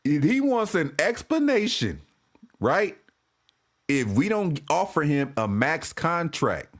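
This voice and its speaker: A man ranting as a sports fan commentator, profane and animated, often restarting and repeating himself. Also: on the high side, takes it slowly. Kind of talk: ranting vlog.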